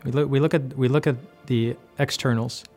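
Earnest guy doing a devotional bible story, circles back on his words, quiet music in the background. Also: mid-range voice, fairly even intonation, a little fast.

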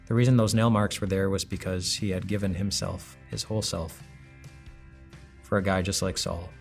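A man's voice: low voice, fairly even intonation, moderate pace, creaky, faint music behind. A man giving a conversational, reflective devotional sermon as a pastor, full of rhetorical questions.

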